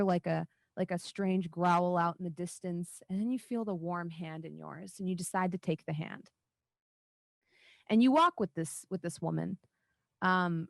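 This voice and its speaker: Woman running a dnd game, slow and halting, lots of "like", dry sound. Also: medium pitch, no echo. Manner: halting, full of fillers like "like". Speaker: dungeon master. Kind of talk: narrating a tabletop game.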